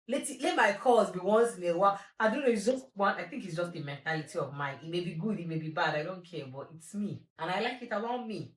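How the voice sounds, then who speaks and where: A woman's voice: lowish voice, expressive, quick pace, hardly any pauses. A young woman hosting a solo podcast, talking candidly and animatedly about herself with self-mocking humor. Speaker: podcast host. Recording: roomy echo.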